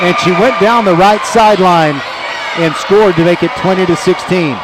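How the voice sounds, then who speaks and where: A man announcing a high school volleyball match play by play from a courtside table, chatty and quick to correct himself. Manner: excited, self-correcting, chatty. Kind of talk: live sports commentary. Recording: noisy gym with crowd. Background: crowd and ball bounces.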